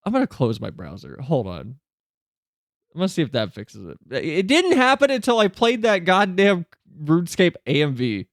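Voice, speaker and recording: Live on stream, a man chats loosely and fields questions from his viewers, tossing in quick asides that rise in pitch whenever he gets flustered. His pitch swings wildly, and the recording is dry with clean studio quality.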